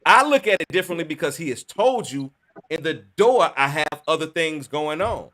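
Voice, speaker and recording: A man leads a heated podcast debate, cutting in and asking others to hold on and calm down. His voice is bright and forceful, sitting a little high. It sounds like loose, unscripted talk among friends. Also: moderate pace. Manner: interrupting, loud, urging calm. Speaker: podcast host.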